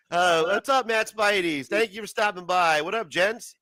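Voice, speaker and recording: A man with a high, bright voice chats loosely through a late-night livestream, cursing and laughing as he reads out comments. The sound is dry and close, with no room around it. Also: moderate pace, few pauses, no echo. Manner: profane, laughing, loose banter. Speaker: livestream host. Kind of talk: casual livestream chat reading comments.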